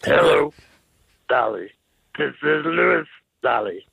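A radio caller doing an impression of a famous jazz singer, with a gravelly, deep crooning voice. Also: male voice, huge pitch swings, takes it slowly, a bit bright, no room sound, heavily acted, poor audio.

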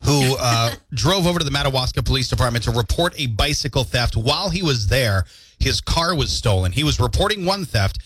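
Morning radio host, male, lively joking delivery, studio mic. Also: mid-range voice, brisk, slightly rough. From Canada. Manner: jokey, animated storytelling with laughs. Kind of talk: casual morning radio banter.

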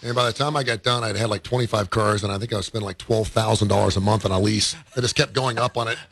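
A man's voice: on the low side, fairly even intonation, creaky, fairly bright tone. A longtime male radio host telling rambling, laughing stories about the old days on air. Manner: rapid, rambling, laughing anecdotes. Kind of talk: casual on-air reminiscing.

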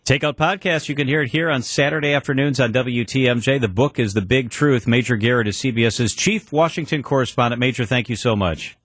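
A man hosting an afternoon radio news show, asking brisk, conversational questions in a studio. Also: mid-range voice, no room sound.

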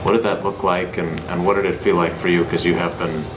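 Low flat man asking questions in an echoey room. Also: brisk, background noise. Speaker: radio reporter. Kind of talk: press conference question.

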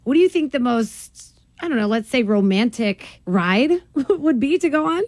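A woman's voice: on the high side, lively intonation, moderate pace, darkish tone, dry recording, studio quality. A woman from New Jersey hosting a radio morning show, brash and joking, with frequent laughter. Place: radio studio. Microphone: studio mic.

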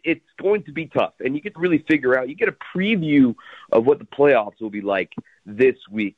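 A man calling in to a sports radio show as a guest, talking baseball quickly and energetically with lots of detail. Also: mid-range voice, dry recording. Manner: quick, energetic, packed with stats. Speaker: radio host, guest analyst. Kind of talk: sports radio call-in analysis. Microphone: phone. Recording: tinny phone line.

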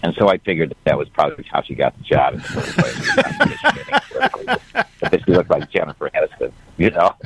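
A man's voice: a bass voice, wildly swooping pitch, normal speed, slight background noise, low-quality recording. An older man calling in to a radio show, telling a rambling family story with chuckles. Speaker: caller, guest's father. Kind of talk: phone-in storytelling.

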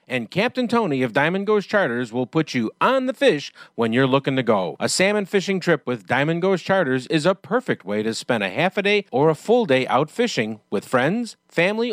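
A man reading a radio advertisement in an energetic, excited way. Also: on the high side, no echo, studio quality. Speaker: ad announcer. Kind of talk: scripted radio ad read.

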